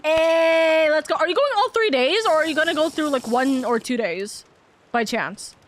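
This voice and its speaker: A woman streaming live, chatting casually and affectionately with her viewers, talking fast and rambling with lots of repeats. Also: high-pitched, expressive. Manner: bubbly, affectionate, rapid and rambling. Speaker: VTuber streamer.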